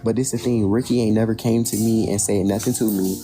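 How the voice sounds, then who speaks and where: A man calmly explaining his side of a dispute to the camera, in a laid-back, matter-of-fact way. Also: on the low side, fairly quick.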